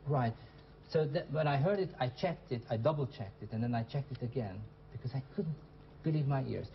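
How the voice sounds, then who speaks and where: A man's voice: mid-range voice, animated, a little fast. Male TV English teacher, encouraging, echoes student answers, dull lo-fi studio sound with faint hum. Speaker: English teacher and show host. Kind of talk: classroom teaching. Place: TV studio classroom.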